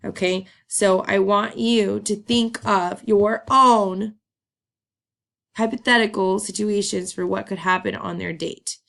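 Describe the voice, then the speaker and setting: A woman's voice: medium pitch, fairly even intonation, takes it slowly, gravelly, fairly bright tone. A woman teacher giving a recorded lesson in a chatty, upbeat way, with frequent ums. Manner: chatty, upbeat, laughs and says um often.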